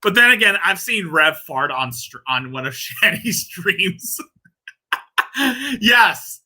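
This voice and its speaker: Male commentary host, crude and rambling, very bright edgy tone. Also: sits high, sing-song, slow pace. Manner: crude, rambling, laughing at his own jokes. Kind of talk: casual reaction commentary.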